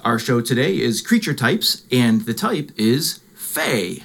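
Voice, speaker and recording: A man's voice: medium pitch, very animated, slow, gravelly, a bit bright. A man hosting a podcast in a casual, chatty way, stumbling over his words and laughing often. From Illinois, USA. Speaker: podcast host. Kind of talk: casual chat.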